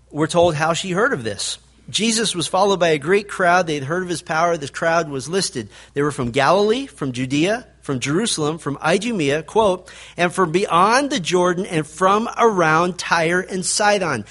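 A male pastor preaching a sermon, building to emphatic peaks and then dropping to a quiet, low delivery.

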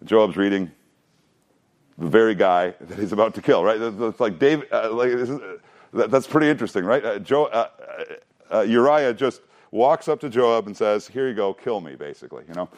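Man, pastor, casual sermon delivery with rhetorical questions and quick acted asides. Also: fairly low pitch. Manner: conversational, asks rhetorical questions, laughs often.

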